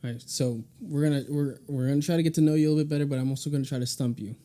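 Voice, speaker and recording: A young man hosting a podcast, firing off quick questions in a playful way and laughing often. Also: on the high side, fairly even intonation, warm tone. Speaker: podcast host. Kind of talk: casual rapid-fire question game.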